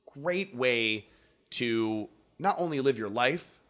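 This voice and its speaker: Bright-voiced, rambling young man. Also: medium pitch, animated, takes it slowly. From Virginia. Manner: rambling and laughing, loose filler-heavy talk. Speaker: podcast co-host. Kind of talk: casual chat.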